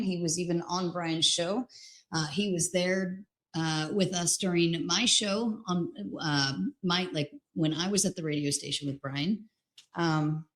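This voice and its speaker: A woman's voice: low-pitched, low-quality recording. A woman talking casually in a rambling, teasing way with many fillers. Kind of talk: casual chat.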